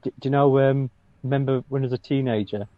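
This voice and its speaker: A man's voice: mid-range voice, steady tone, fast, dry recording, highs cut off. A man joking through casual podcast banter, often stopping and restarting his sentences. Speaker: podcast co-host.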